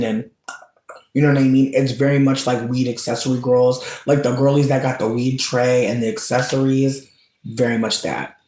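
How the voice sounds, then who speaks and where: A man's voice: medium pitch, darkish tone. A man streaming and chatting with viewers, rambling and swearing with many fillers, often laughing as he talks. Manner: rambling, profane, full of "like" fillers; laughs often while talking. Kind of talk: casual livestream chat. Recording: roomy echo.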